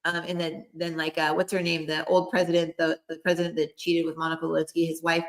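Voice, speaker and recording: Middle-aged woman, psychic co-host, rambling casual talk, lots of fillers, lowish pitch. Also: completely flat delivery, fast. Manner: rambling, filler-heavy, relays spirit quotes. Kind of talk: casual chat, channeling messages.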